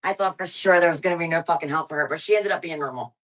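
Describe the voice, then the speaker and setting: A woman comedian in her thirties, telling blunt, profane stories in a high-energy way during a casual podcast chat. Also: rapid-fire, fairly bright tone, rough recording. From Pennsylvania, US. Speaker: stand-up comedian guest.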